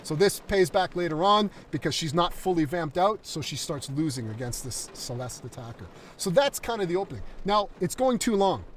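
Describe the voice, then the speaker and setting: A man's voice: a little high, lively intonation, moderate pace, hardly any pauses, a little hiss or hum. An enthusiastic man, mic a bit distant. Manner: enthusiastic, rambling with fillers. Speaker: concept artist and screenwriter. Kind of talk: livestream talk, reading a draft script.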